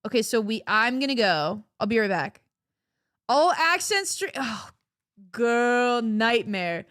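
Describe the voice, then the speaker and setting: A woman's voice: on the high side, lively intonation, slow, a bit bright, clean tone, dry recording, clean studio sound. A woman chatting casually on a live stream, playful and giggly, laughing often, her voice cracking. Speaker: livestreamer.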